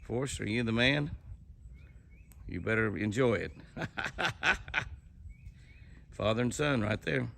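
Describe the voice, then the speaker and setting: A man's voice: lowish voice, takes it slowly, creaky, pauses often, pushed and bright. An older man narrating casually outdoors as he films deer, folksy and chuckling, exclaiming often. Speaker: ranch owner filming his deer. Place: outdoors at a ranch house yard.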